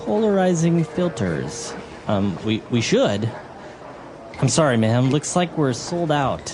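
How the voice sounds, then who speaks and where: A man's voice: takes it slowly, music in the background. A man playing a flustered, apologetic camera store clerk in a scripted learner dialogue, hesitating often. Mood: eager salesman. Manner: hesitant, apologetic, lively pitch. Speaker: actor in a listening dialogue.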